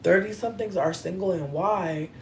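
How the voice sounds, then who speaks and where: A woman's voice: fairly low pitch, a little mellow, slight background noise. Chatty, profane woman in her thirties. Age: 30s. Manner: chatty, profane, playful, drawn-out emphasis. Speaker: livestreamer answering chat. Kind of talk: casual livestream chat.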